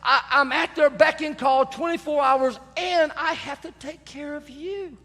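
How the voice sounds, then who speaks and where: A man's voice: very high voice, fairly even intonation, bright, forceful tone, voice pushed up, exaggerated voice. A man putting on an exhausted, fed-up young mother. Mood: exasperated. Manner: exasperated, complaining rapid list. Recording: reverberant church hall.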